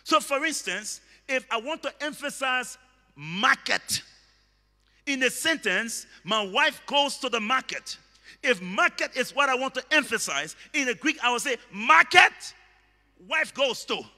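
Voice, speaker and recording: A man preaching a sermon, emphatic and repetitive, bursting into shouted words. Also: extremely high pitch, lively intonation, unhurried, in a large hall. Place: church hall.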